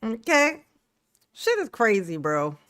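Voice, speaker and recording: A woman with a lively, swooping voice cuts in with sarcastic, slangy jabs. She is recorded close up on a dry mic. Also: on the high side, slow, no echo. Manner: mocking, laughing asides, slangy. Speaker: commentary YouTuber. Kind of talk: sarcastic reaction commentary.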